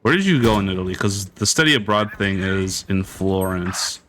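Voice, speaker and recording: A young man with a fairly low voice chats loosely on a gaming stream, stopping and restarting his thoughts as he goes. He sounds easygoing, with a light background hiss. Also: animated, moderate pace, pushed and bright. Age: young adult. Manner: rambling, hesitant, many fillers. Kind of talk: casual chat while gaming.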